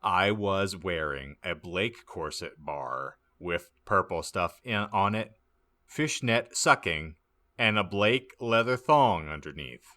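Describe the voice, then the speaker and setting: Deep, slow deadpan male reader. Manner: deadpan, stumbling over misspelled words. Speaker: podcast host reading aloud. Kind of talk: comic audiobook reading.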